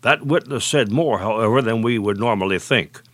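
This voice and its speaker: A man preaching a sermon, measured and deliberate, slowing and dropping low on key phrases. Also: fairly bright tone, no room sound.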